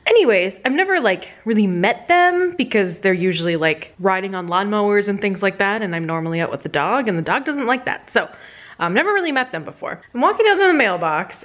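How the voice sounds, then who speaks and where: A woman vlogger at home on a sofa, telling a funny story in a chatty, animated way and laughing often. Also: mid-range voice. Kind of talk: casual storytelling vlog.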